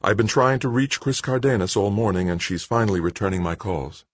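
A man's voice: on the low side, brisk, voice pushed up, lightly acted. A man voicing a strong-willed woman executive who speaks firmly and insistently. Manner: firm, insistent.

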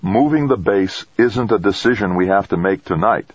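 A man's voice: on the low side, moderate pace, slightly rough, no room sound, highs cut off, voice pushed up. Man doing a firm, tense expedition leader. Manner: firm, controlled.

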